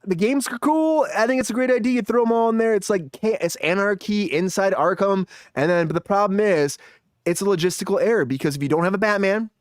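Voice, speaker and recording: A man's voice: sits high, brisk, clear, resonant tone, dry recording. A man hosting a live entertainment news show, speculating with enthusiasm in casual chat.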